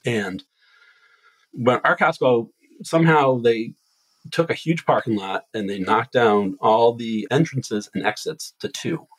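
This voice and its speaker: Husky man telling a rambling story. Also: mid-range voice, a little slow, no room sound, low-quality recording. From Massachusetts. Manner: rambling animated storytelling with restarts. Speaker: podcast host telling a story. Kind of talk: casual chat.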